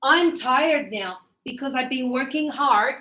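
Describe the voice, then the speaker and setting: In an echoey classroom, a woman gives an English grammar lesson, patiently working through examples and cheering her students on. Her voice is high and bright with a forceful edge, and her pace is a little slow.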